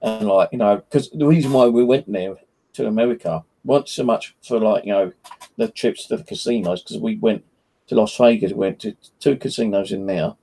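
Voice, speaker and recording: Gravelly English man telling a rambling story. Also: lowish voice, moderate pace, dark tone. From England. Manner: rambling, full of "you know" and "like". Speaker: guest on a live stream. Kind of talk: casual chat, storytelling.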